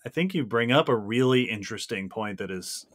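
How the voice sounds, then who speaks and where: A man's voice: mid-range voice, expressive, brisk. A man hosting a podcast, speaking in an appreciative, conversational way. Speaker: podcast host. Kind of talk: casual conversation.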